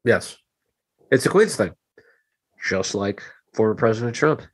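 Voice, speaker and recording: A man's voice: lowish voice, animated, measured pace, slightly rough, no room sound. A man co-hosting a casual comedy podcast, rambling in a wry, self-deprecating way, with an American accent. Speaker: podcast co-host.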